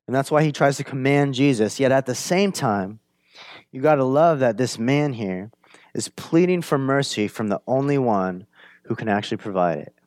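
A man preaching a sermon, conversational and animated, often asking "right?", swinging from emphatic bursts to hushed lines. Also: normal speed, no room sound. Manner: animated, builds up to emphatic high-energy retelling, drops to hushed low lines. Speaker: pastor.

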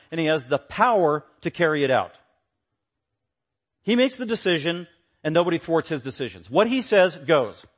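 A man preaching a sermon, emphatic, repeating short punchy phrases and swinging between loud declarations and quiet low asides.

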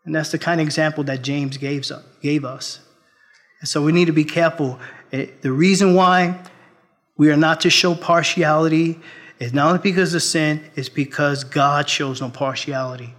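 A male pastor preaching a sermon, earnest, moving between raised appeals and quiet storytelling. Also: a little high, steady tone, moderate pace. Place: church.

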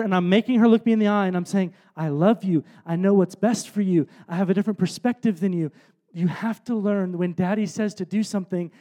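A man with a high, light voice preaches a sermon from the stage. He tells a story in a relaxed way, drops to quiet asides, then builds to loud emphatic points. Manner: storytelling, shifts between soft asides and loud emphatic bursts. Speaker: pastor. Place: stage before a congregation.

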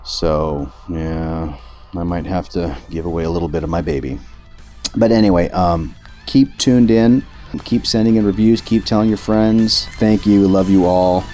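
A man's voice: sits low, fairly even intonation, moderate pace, mellow, soft background music. A man hosting his own podcast, chatting in a rambling, jokey, self-deprecating way. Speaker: podcast host. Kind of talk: casual chat.

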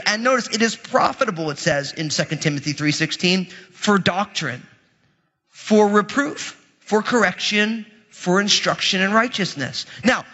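A man with a high, bright, forceful voice preaches a lively, conversational sermon full of dramatic asides. His voice rings with a long reverb, as if he is in a large hall. The recording sounds dull and lo-fi. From Italian heritage. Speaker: pastor.

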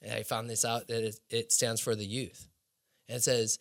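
A man being interviewed, telling a long personal faith story in a casual, animated way and dropping low and quiet when he quotes others. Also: brisk, creaky. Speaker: interview guest, snowboarder.

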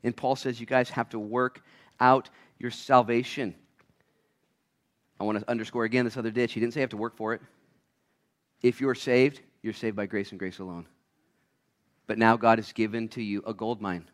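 A man preaching a sermon as a pastor, acting out little voices, swinging between loud shouts and quiet asides. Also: mid-range voice, fairly even intonation, normal speed, long pauses.

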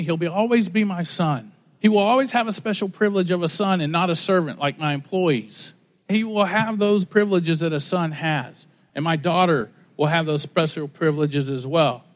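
A middle-aged male pastor preaching a sermon, telling stories and acting out the voices of the people in them. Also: high voice. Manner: animated storytelling, acting out quoted voices.

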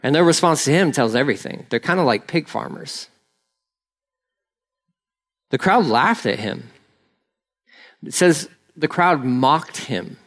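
Male preacher, slightly high voice, casual animated sermon, acts out the characters' lines. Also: a little slow, pauses often. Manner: animated, acts out voices of the story, rambling asides. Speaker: pastor.

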